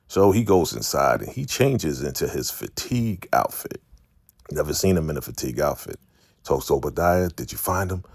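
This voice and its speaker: A man's voice: a bass voice, big pitch swings, moderate pace, gravelly, a little mellow, no echo, clean studio sound. A man casually recapping a TV episode for his viewers, chatty and calling them family. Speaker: recap host.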